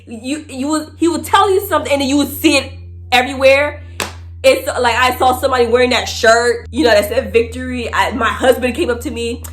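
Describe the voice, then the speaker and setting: A woman vlogger, telling a casual story and acting out quotes in high voices, laughing often. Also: fairly quick, faint music behind.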